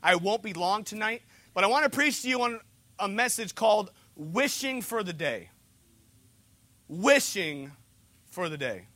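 A man's voice: sits high, animated, measured pace, long pauses, pushed and bright, dry recording. A young man preaching a sermon, with a joking, conversational delivery and humorous asides. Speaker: pastor.

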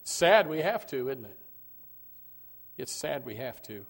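A man preaching a sermon as pastor, who repeats his words and swings from loud, shouted points to quiet asides. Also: medium pitch, big pitch swings, unhurried, a little hiss or hum.

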